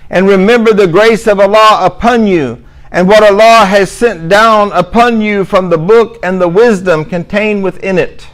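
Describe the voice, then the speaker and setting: A man's voice: high voice, fairly bright tone, low-quality recording. A middle-aged man giving a religious lecture, emphatic and given to sarcastic asides. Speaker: Muslim speaker giving a talk.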